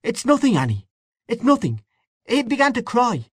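A helpless, timid husband from a storybook reading who stammers and pleads, his voice pushed up high and tight with nerves, as a man reads him. The recording is dry with no room sound. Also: huge pitch swings, normal speed, slightly rough, no room sound, heavily acted. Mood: panicked.

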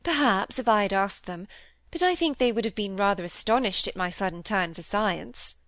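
A woman reading aloud, voicing a troubled, secretive young woman in an old novel who speaks quickly and emphatically. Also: medium pitch, a bit bright, dry recording, close to an everyday voice.

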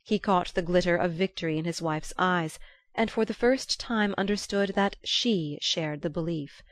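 A woman narrating a classic novel aloud in a measured, even storytelling manner. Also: fairly low pitch, dry recording. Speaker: audiobook reader. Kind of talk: scripted narration.

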